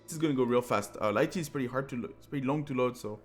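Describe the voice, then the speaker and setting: A man's voice: mid-range voice, very fast, soft background music. A tired man with a French accent commentating a live game, joking and filling gaps with lots of "uh". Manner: excitable, joking, many fillers. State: sleep-deprived. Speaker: esports commentator.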